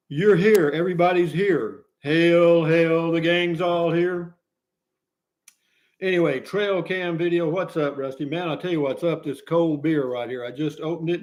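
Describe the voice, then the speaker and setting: A man hosting a casual livestream, reading out viewers' comments in a folksy, jovial way and chuckling often. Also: on the high side. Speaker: livestream host.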